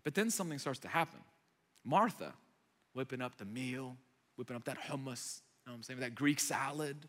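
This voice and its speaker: Man, 30s, pastor. Animated storyteller, bright and forceful tone, echoey hall. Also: mid-range voice, brisk. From United States. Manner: animated storyteller, acting out voices. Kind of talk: sermon. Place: large church hall.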